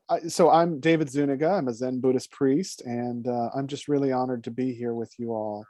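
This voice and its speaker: A Zen Buddhist priest, a man, joining by video call to lead a calm, slow guided meditation as a benediction. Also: mid-range voice, no room sound. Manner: slow, calm, soothing guidance.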